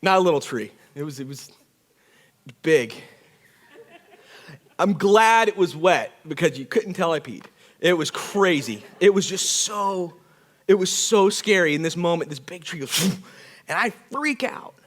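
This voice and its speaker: A man preaching a sermon as pastor, telling a personal story with lively acted-out quotes. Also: sits high, measured pace, long pauses. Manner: animated storyteller, acts out quotes with shouts and whispers. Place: church.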